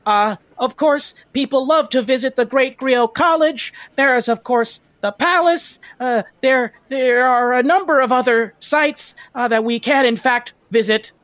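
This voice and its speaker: Guy doing a high jumpy spirit tour guide, super polite and formal, kinda nervous. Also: a little slow, hardly any pauses, fairly bright tone, no echo. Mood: eager. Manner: eager, formal, overly polite. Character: nervous sweaty male ancestor spirit tour guide, eager.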